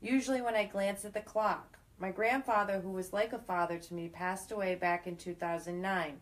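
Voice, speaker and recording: A woman's voice: mid-range voice, steady tone, normal speed. A woman co-hosting a live stream, reading viewer questions aloud in a plain, matter-of-fact way.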